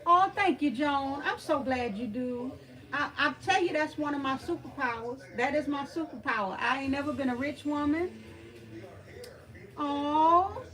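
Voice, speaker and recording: High-voiced Texas woman chatting on a live stream. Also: moderate pace, faint music behind. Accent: Southeast Texas. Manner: warm, folksy, reads and answers the chat, calls people honey and girl. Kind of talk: casual live stream chat.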